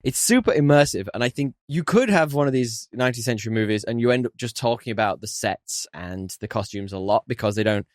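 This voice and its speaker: A man co-hosting a podcast in easygoing conversation, laughing often and breaking into playful voices when he jokes. His pitch sits in an ordinary middle range. The recording is close and dry, with no room sound. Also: quick pace, hardly any pauses, no room sound. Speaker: podcast co-host. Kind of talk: casual film review chat.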